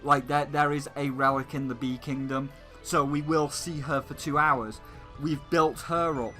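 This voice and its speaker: Brief: fired-up male gaming host, cursing, repetitive, slightly high voice. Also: steady tone, unhurried, pushed and bright, faint music behind, poor audio. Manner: heated, swearing, repetitive ranting. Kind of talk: profane video game rant.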